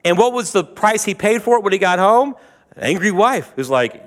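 A man's voice: on the high side, expressive, normal speed, in a large hall. A man preaching a sermon, retelling scripture in a conversational, joking way with asides to the congregation. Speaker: pastor.

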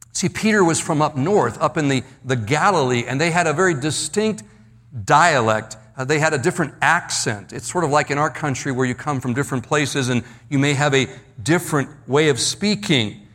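A man preaching a verse-by-verse sermon, slowing down and dropping his voice low to stress key words, often repeating himself. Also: a bit bright. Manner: slows and drops low for emphasis, repeats words. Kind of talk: expository sermon.

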